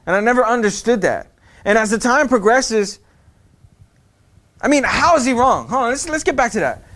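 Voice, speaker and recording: Slangy high-voiced male storyteller. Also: moderate pace. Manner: slangy, animated, repeats phrases. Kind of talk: casual storytime monologue.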